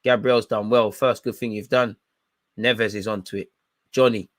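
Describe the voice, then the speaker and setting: A man's voice: lowish voice, steady tone, normal speed, no echo. A young man giving blunt, slangy, frustrated running commentary while watching a football match live. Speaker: football fan channel host.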